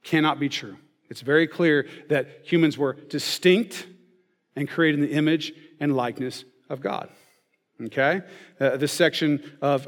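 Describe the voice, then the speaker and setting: A man giving a sermon in a conversational way, often checking in with "okay?" and "right?". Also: fairly high pitch. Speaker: pastor. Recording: long reverb of a large hall.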